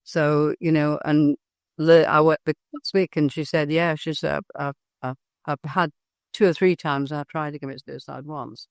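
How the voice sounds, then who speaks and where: A woman's voice: low-pitched, fairly even intonation, normal speed, no room sound, studio quality. A middle-aged woman, a hypnosis trainer, speaking as a guest in an interview, talking earnestly and telling stories with animation and frequent restarts. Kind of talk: candid interview talk.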